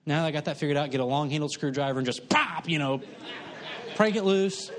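Male preacher, middle-aged, folksy storyteller, pokes fun at himself, a bit high-pitched. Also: fairly quick, some chatter behind. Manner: folksy storytelling, self-mocking humor. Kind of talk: sermon.

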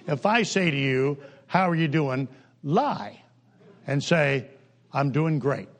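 An older man preaching a humorous sermon in a folksy, joking way, with sudden jumps in pitch and pace. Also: animated, slow pace.

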